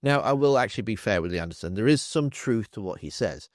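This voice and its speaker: A man's voice: fairly low pitch, expressive, fast, dry recording, clean studio sound. A man hosting a political commentary channel, telling the story in a wry, sarcastic way.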